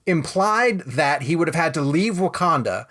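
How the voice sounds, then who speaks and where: Animated man hosting a movie podcast. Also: fairly high pitch, moderate pace. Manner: rambling, animated storytelling. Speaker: podcast host. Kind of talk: casual movie podcast chat.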